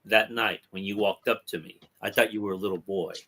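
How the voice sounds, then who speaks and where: A man reading a young woman's comic dialogue aloud in a plain, husky voice. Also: lowish voice, fairly even intonation, fairly quick, bright, forceful tone, full character voice. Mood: quiet. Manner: plain reading, with little change of voice. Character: wistful young woman rejecting her lover.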